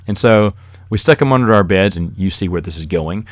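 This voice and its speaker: A man's voice: low voice, a little fast, no room sound, studio quality. A man hosting a podcast on his own, telling rambling stories in a casual monologue and chuckling as he goes. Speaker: podcast host.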